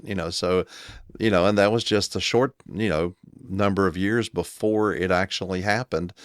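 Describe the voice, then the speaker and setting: A man's voice: low-pitched, clean tone, no room sound, clean studio sound. A man with an American accent co-hosting a casual chat in a laid-back, thoughtful way. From United States. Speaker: co-host.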